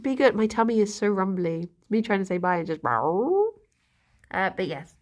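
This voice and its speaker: A woman's voice: mid-range voice, very animated, normal speed, darkish tone. A woman chatting casually on a live stream, rambling and giggling between fillers.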